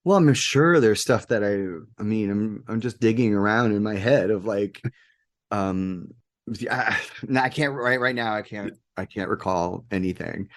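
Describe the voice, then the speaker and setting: A man's voice: on the low side, measured pace. A man as an interview guest, telling a long rambling anecdote with lots of fillers and acted-out quotes. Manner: animated, rambling anecdotes with laughs and quoted voices. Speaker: interview guest, game maker. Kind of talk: casual interview storytelling.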